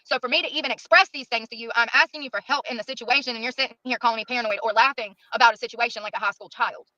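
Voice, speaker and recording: Fast aggrieved middle-aged woman, lo-fi. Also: on the high side, fairly even intonation, pushed and bright, no room sound. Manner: aggrieved, self-pitying. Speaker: clip subject. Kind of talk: ranting to camera. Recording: dull lo-fi clip.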